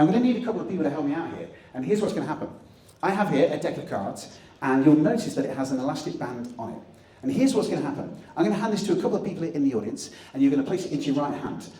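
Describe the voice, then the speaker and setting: Lively man on an echoey stage. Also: on the high side, a little hiss or hum. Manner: animated, jokey, leads audience chants. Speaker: motivational speaker and magician. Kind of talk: live stage talk with audience participation. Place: conference hall stage. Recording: echoey hall, distant mic, faint ambience.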